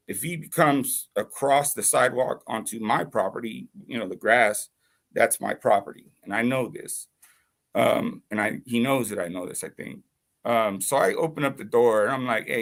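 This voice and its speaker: A man with a gravelly voice tells a long personal story in casual, rambling speech. He swears freely and keeps asking whether you follow him. His voice sits at a middle pitch. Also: a bit bright. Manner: profane, rambling, keeps asking "you know what I mean?". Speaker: YouTube channel host.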